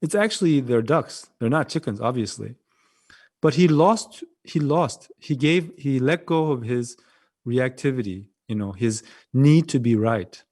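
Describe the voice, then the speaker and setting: Gentle yet expressive, this mid-range male voice belongs to a Korean-accented Buddhist monk giving a dharma talk by video call, pausing haltingly and often going back over his phrases.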